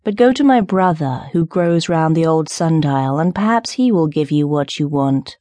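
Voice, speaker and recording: Brief: woman voicing a grave rose tree, slow and measured, low mellow voice, dry studio read. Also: expressive, dry recording. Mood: calm. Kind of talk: audiobook character reading.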